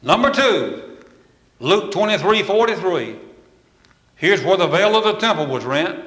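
A man preaching a sermon in a folksy, storytelling way, swinging from loud to hushed. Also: high voice, big pitch swings, a little slow, long pauses. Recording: echoey hall with long reverb.

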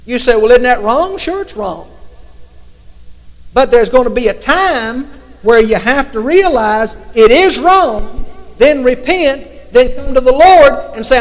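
A man's voice: very high-pitched, expressive, unhurried. A man preaching a sermon in a conversational way, now and then acting out imagined prayers to God. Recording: long hall reverb.

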